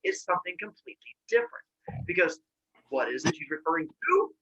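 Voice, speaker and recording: A man's voice: high-pitched, wildly swooping pitch, brisk, bright, forceful tone, husky, muffled recording, exaggerated voice. A man doing a sly, knowing titan.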